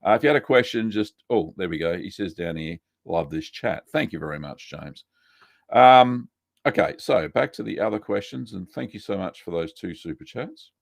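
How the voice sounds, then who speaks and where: A man hosting a live cheesemaking Q&A, relaxed and chatty, reading out viewer messages with lots of ums. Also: deep voice, normal speed, creaky, no room sound, studio quality. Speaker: cheesemaking show host answering live chat. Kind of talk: casual live-stream Q&A.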